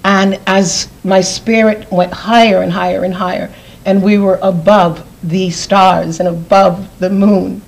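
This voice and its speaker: A woman's voice: mid-range voice, flat delivery, unhurried, vocal fry, rough recording. A woman giving a personal testimony as an interview guest, earnest, often repeating phrases for emphasis.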